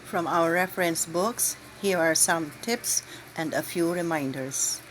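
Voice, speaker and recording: A woman guiding church lectors through the Sunday readings, speaking in a slow, deliberate, carefully enunciated way. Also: lowish voice, a little hiss or hum, poor audio. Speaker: lector trainer. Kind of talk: instructional reading guide.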